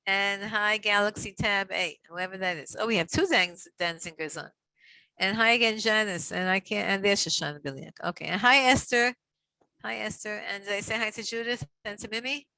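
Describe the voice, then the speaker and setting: Middle-aged lady teaching a torah class over video call, bright voice, dry sound, chatty and warm. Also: mid-range voice, creaky, dry recording. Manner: warm, chatty, greets each listener by name; reads Hebrew verses slowly for others to repeat.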